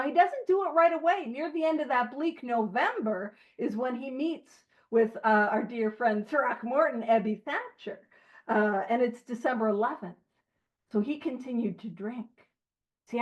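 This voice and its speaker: A woman leading a recovery book study, talking in an animated, joking, self-deprecating way. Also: a little high. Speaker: study leader. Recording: dull lo-fi recording.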